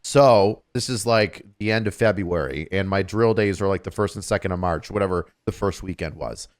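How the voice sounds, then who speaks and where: A man in his thirties co-hosting a podcast, telling a story in a casual, profane, animated way that turns loud and exasperated. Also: sits low, moderate pace.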